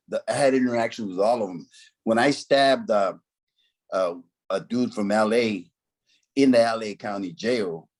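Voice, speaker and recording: A man's voice: low-pitched, a little mellow, breathy edge. A middle-aged man from Central California, a former gang member, telling stories in a casual, profane, streetwise way and dropping in Spanish slang. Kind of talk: casual storytelling.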